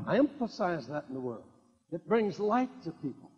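An older man preaching a sermon, swinging between quiet asides and loud emphatic declarations and repeating key lines. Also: high voice, big pitch swings, moderate pace, breathy edge. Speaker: evangelist. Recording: dull lo-fi recording in a reverberant hall.

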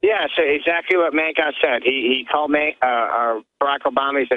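A man who is a radio producer gives a plain account on air, halting now and then with fillers. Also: mid-range voice, no echo. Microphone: telephone line. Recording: tinny phone line.

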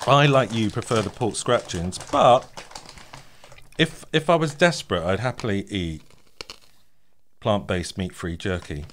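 A man's voice: fairly low pitch, lively intonation, unhurried, pauses often, fairly bright tone, slight background noise. A man co-hosting a casual podcast, chatty and laughing often as he introduces snacks and a guest. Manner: chatty, laughs often, reads show plugs. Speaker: podcast co-host.

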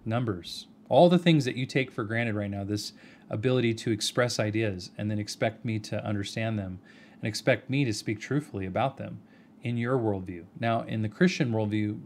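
A man with a fairly low voice speaks straight to camera in a measured, respectful but argumentative tone. He keeps returning to rhetorical questions aimed at one person, with a faint hum of room ambience behind him. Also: a little mellow. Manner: earnest, argumentative, addresses the other person by name. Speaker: video commentator. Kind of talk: direct-to-camera video response.

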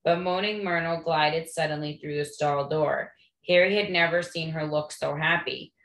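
A woman reading a novel aloud to listeners in a gentle, friendly way. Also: sits low, steady tone, normal speed. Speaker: read-aloud host. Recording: echoey room.

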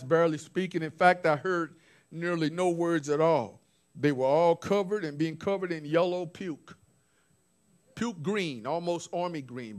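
Man preaching, relaying visions. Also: fairly high pitch. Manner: informal, recounting visions from notes with restarts. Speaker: apostle preaching. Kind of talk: sermon.

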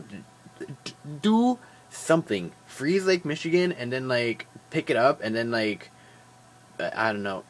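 Tired, jokey guy vlogging. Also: lowish voice. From Wisconsin. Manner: animated, jokey, rambling, with fillers. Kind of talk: casual daily vlog chat.

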